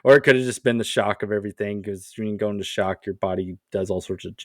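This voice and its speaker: A man's voice: lowish voice, fast talker, no echo, clean studio sound. Wry man co-hosting a podcast. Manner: relaxed, wry, joking asides. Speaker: podcast co-host. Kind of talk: casual comedic storytelling.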